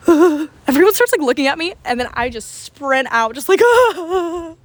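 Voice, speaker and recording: Animated young woman telling a story. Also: sits high, moderate pace, no echo. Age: young adult. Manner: animated, dramatic, swears freely. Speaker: vlogger. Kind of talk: casual storytelling to camera.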